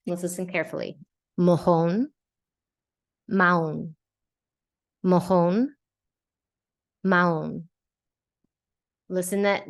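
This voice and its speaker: A woman hosting a podcast lesson, teaching Spanish to English speakers and slowly repeating words to model pronunciation. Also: medium pitch.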